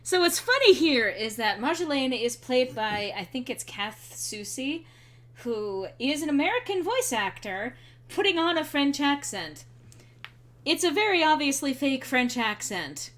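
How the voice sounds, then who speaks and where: A young adult woman chatting casually while streaming a role-playing game, rambling and clearing her throat now and then. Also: sits high, very animated, unhurried, fairly bright tone. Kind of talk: casual gameplay commentary.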